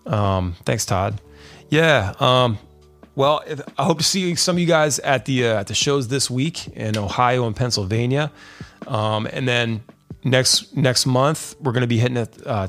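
A laid-back male podcast host chats loosely on a live stream, his mid-pitched voice carrying a steady gravelly fry. He rambles along with plenty of fillers and "dude", and soft music hums faintly underneath. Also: a little slow. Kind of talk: casual live-stream chat.

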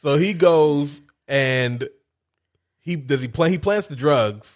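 A man's voice: a little high, slow. A man chatting casually, cracking jokes and finishing his co-host's sentences. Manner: jokey, chimes in and finishes her sentences, laughing. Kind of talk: casual chat.

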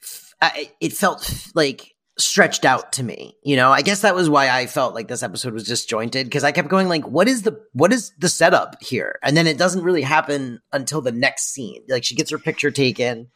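Co-host, casual chat, hesitant, mid-pitched. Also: moderate pace, bright, forceful tone. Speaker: podcast co-host. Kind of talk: casual episode recap chat.

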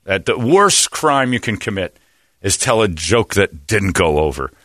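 A man's voice: lowish voice, sing-song, unhurried, a bit bright, no echo. A man hosting a radio show, talking in blunt, opinionated studio banter.

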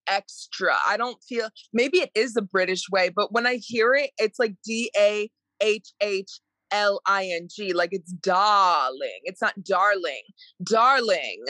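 A woman's voice: medium pitch, measured pace, fairly bright tone, dry recording, poor audio. A woman co-hosting a podcast in casual chat, candid and full of fillers, swearing freely. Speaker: podcast co-host.

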